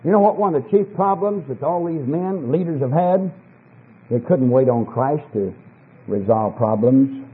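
Husky high-voiced preacher guy, fervent, sounds like an old lo-fi tape. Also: lively intonation, a little slow. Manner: emphatic, swings between low asides and high fervent scripture reading. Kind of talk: sermon. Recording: lo-fi phone-like archival sermon tape.

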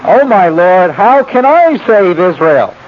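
A man's voice: high voice, big pitch swings, voice pushed up, full character voice. A man voicing a humble pleading biblical farmer. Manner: earnest, raised and slowed when quoting. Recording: muffled lo-fi recording with faint hiss.

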